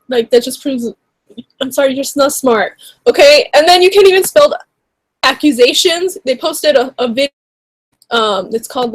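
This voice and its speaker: Woman YouTuber, higher register, dry close sound; indignant, rambling casual commentary full of fillers. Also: no room sound. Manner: indignant, rambling, heavy on "like" and "you know".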